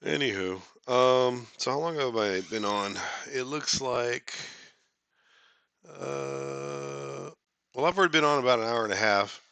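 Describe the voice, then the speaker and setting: A man's voice: medium pitch, big pitch swings, a little slow, gravelly, pushed and bright, clear, resonant tone, dry recording. A man hosting a casual live stream, chatting with viewers in a rambling, joking way, full of fillers and restarts.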